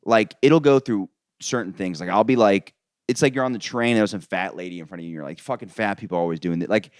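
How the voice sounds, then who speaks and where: Low, smooth-voiced man hosting a podcast. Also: fast talker, dry recording, clean studio sound. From Florida. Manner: rambling, filler-heavy, frequent "like". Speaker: podcast host. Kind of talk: casual comedy podcast chat.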